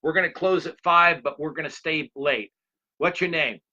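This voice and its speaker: A man's voice: on the high side, moderate pace, bright, forceful tone, muffled recording, voice pushed up. A man voicing a cynical, wary middle-aged woman who runs a small shop, blunt and dry. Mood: brusque.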